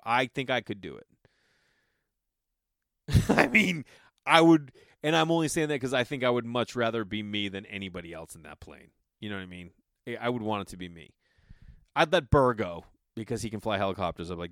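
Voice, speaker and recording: A man's voice: mid-range voice, animated, fairly quick, fairly bright tone, no echo, clean studio sound. A man, an actor, telling a casual anecdote in a rambling way, with a constant filler 'like'.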